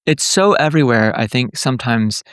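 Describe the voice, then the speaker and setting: A man's voice: mid-range voice, expressive, normal speed, a bit bright, clean tone, no room sound, clean studio sound. A man who is a professor, explaining eagerly in a podcast interview with many fillers and restarts. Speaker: guest professor.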